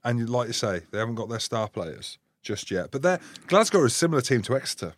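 A man's voice: medium pitch, big pitch swings, quick pace, no echo. A man hosting a rugby podcast, boisterous and teasing, laughing often as he chats in a studio. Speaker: podcast host and former rugby player. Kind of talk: banter-filled casual chat.

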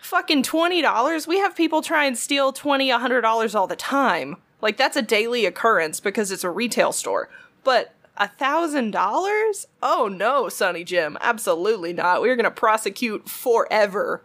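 Animated storytelling woman, higher voice. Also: normal speed. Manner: animated, swears freely, acts out quotes. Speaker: retail worker telling a story. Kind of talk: casual storytelling chat.

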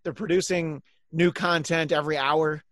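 A man's voice: a little high, fairly even intonation, normal speed, fairly bright tone, no room sound, studio quality. A man hosting a podcast, wrapping up a casual chat and rambling with many ums and uhs. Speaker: podcast host.

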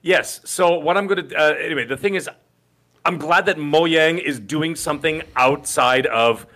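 A middle-aged man in casual podcast chat with a bright, forward tone and a slightly higher pitch than most men. He talks emphatically and gets worked up easily, tripping over and repeating his words as he goes. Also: normal speed. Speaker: podcast co-host.

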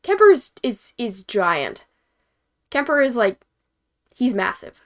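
A woman's voice: a little high, sing-song, slow. A young woman hosting a hockey post-game show, talking casually and rambling with lots of fillers and chuckles. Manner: rambling, filler-heavy, chuckles between points. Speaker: hockey podcast host.

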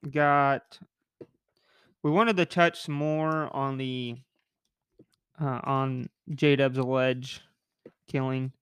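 A man's voice: mid-range voice, flat delivery, fairly bright tone, smooth, no echo, clean studio sound. A man hosting a casual podcast, talking in a joking, rambling way with a nasal voice. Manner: joking, rambling, quick asides. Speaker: podcast host.

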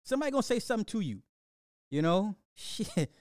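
In a casual, profane rant to camera, a man with a fairly high voice reviews a movie at a fairly quick clip, swearing freely and laughing between lines. His delivery is loose and animated. The recording is dry and close, with no room sound.

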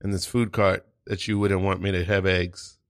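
Un homme qui joue un client hésitant qui s'excuse et cherche ses mots, son sec. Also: male voice, sits low, little pitch movement, moderate pace, dry recording, voice pushed down, lightly acted. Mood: timid. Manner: hesitant, apologetic, stumbling. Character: timid, awkward male customer.

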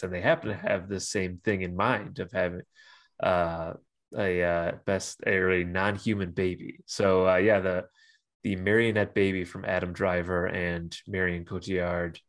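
A man's voice: sits low, fairly bright tone. A man co-hosting a podcast in casual chat, laid-back and hesitant with many fillers. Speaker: podcast co-host.

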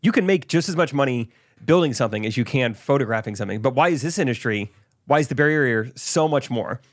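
A man co-hosting a podcast in casual chat, curious and quick with follow-up questions. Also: mid-range voice, animated, dry recording, studio quality. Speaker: podcast co-host.

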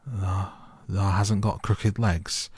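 A man's voice: low voice, level tone, slow pace, a little mellow, dry recording, full character voice. A man doing a quavering old gardener. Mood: stunned. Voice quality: hoarse, quavering. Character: shaky, tactless old gardener, stunned.

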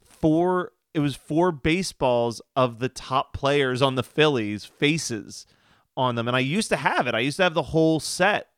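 Philly guy in his 30s, casual podcast co-host, smooth tone, rambly and giggly. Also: mid-range voice, animated, a little slow, dry recording, clean studio sound. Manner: rambling, laughs as he recaps. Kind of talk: casual chat.

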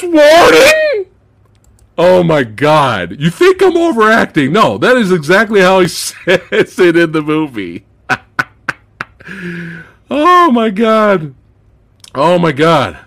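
A man hosts a casual film chat in a fairly high voice that leaps wildly up and down. He talks at an unhurried pace, swears freely, and breaks into laughter as he acts out lines. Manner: animated, laughs often, acts out movie lines. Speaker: podcast host. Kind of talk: casual movie review chat.

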